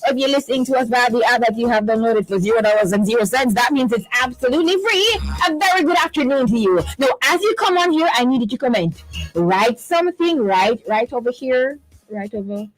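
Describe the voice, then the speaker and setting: A woman with a Jamaican accent hosting a live radio show, chirpy and quick to laugh. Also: on the high side, expressive, soft background music, low-quality recording. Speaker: radio host. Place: radio studio.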